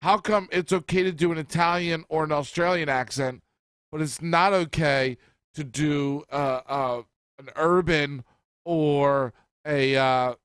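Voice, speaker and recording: A man's voice: fairly high pitch, steady tone, a bit bright, clean tone, dry recording. A man co-hosting a podcast in casual chat, arguing his points and swearing as he rants. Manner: argumentative, swearing, rapid rants. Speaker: podcast co-host.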